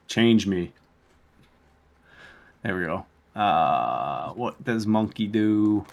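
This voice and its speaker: A man's voice: on the low side, slow pace, vocal fry, long pauses, lo-fi sound. A man playing a tabletop game, hesitant and casual, swearing freely as he decides his moves. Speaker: player.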